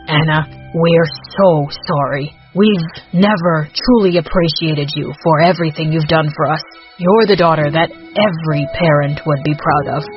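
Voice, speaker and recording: A man voicing a remorseful father and a sweet boyfriend in a storytime animation, gentle and earnest. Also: fairly high pitch, moderate pace, few pauses, natural voice. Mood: apologetic. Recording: muffled, lo-fi, with music.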